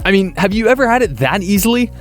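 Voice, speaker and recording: Lively man narrating a countdown. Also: high voice, fast talker. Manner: lively, chatty, playfully emphatic. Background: faint background music.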